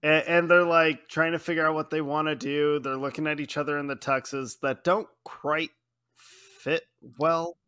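A man's voice: on the high side, little pitch movement, normal speed, pushed and bright, smooth. A man co-hosting a casual movie podcast, recapping scenes with frequent laughter. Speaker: podcast co-host.

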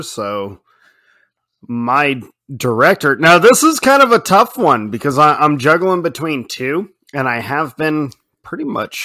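A man co-hosting a podcast, talking in a relaxed casual way and laughing easily. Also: medium pitch, no echo, clean studio sound. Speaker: podcast co-host. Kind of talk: casual chat.

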